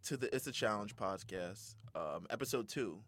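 A man's voice: lowish voice, lively intonation, normal speed, a bit bright, no echo. A young man hosting a casual podcast, talking in a rambling way with fillers and laughs. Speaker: podcast host.

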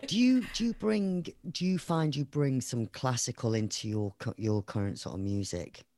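A man's voice: medium pitch, animated, normal speed, a little mellow. A man hosting an interview, effusive and exclamatory, gushing over his guest and swearing casually. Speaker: podcast host.

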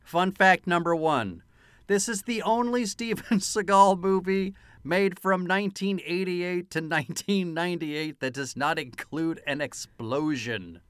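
Laid-back podcast guy, smooth dry voice. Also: high-pitched, measured pace, no echo. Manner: animated, profane, laughs often while telling anecdotes. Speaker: podcast co-host. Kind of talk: casual film-review chat.

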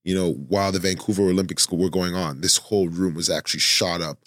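Deep-voiced young filmmaker recounting. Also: male voice, fairly even intonation, quick pace, fairly bright tone, no echo, studio quality. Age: young adult. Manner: thoughtful, many fillers and restarts. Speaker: podcast guest, filmmaker. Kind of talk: casual chat.

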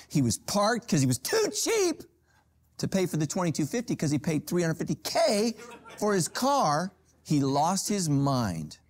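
A middle-aged man preaches from a church stage with a golf cart beside him. His voice sits a little high and swings widely. He moves through funny asides and sudden pitch jumps as he tells his stories. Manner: animated storytelling with humor and sudden pitch jumps. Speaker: pastor. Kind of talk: sermon.

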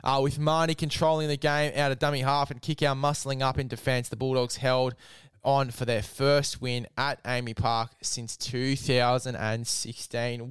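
A man's voice: medium pitch, clean tone, dry recording. A man hosting, giving a casual sports recap and chatting, dropping "mate" into most sentences. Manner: chatty, says "mate" often. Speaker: host.

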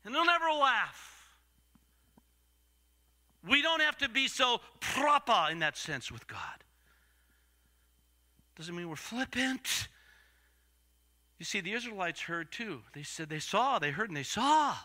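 Older man preaching, bright high voice, lively swings from shouts to whispers, storytelling sermon. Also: a little slow, long pauses. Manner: dramatic swings from loud to whispered.

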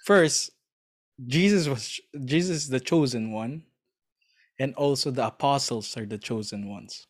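Slow, earnest man chatting. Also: medium pitch. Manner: earnest, enthusiastic storytelling; hesitant, searching for words. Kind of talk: casual chat.

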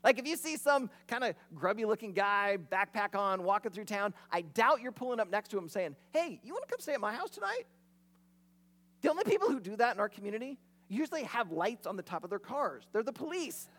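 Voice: medium pitch, expressive, fairly quick, fairly bright tone. A pastor preaching a sermon in a conversational, storytelling way.

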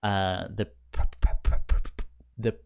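A man's voice: fairly low pitch, little pitch movement, gravelly, darkish tone, clear, resonant tone. A man co-hosting a podcast, casually recapping a TV series with frequent stammers and repeated syllables, swearing freely and acting out characters' lines. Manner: acts out characters' lines in quick quoted bursts. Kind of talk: casual chat.

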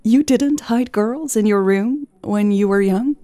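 A woman's voice: mid-range voice, a little slow, dry recording, pitched above the performer's own voice, natural voice. A woman voicing a playful, teasing, confident young woman in an audiobook romance, in a lifted, cheerful voice. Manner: bright, teasing, giggly. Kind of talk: audiobook character voice.

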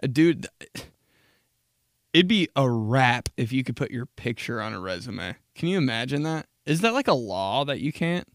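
A man's voice: mid-range voice, sing-song, normal speed, no room sound, studio quality. A man in his twenties hosting a podcast, riffing in a casual comedic monologue, swearing freely and laughing at his own jokes. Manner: profane, laughs at his own jokes, jumps into mocking voices. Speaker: podcast host.

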